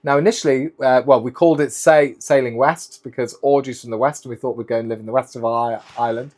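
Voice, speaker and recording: A middle-aged man, a guest in a casual interview, talks at an ordinary pitch. He tells long, rambling anecdotes, one thing after another. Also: steady tone, fast, darkish tone. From United Kingdom. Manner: rambling anecdotal storytelling, strung together with "and then". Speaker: guest, keynote speaker and former sailor.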